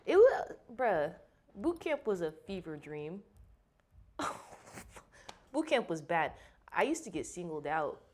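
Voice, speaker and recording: Woman guest on a podcast, from arizona, super expressive voice jumping all over, swears a lot while telling stories. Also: fairly low pitch, slow, pauses often. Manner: animated storytelling, heavy swearing. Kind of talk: casual chat.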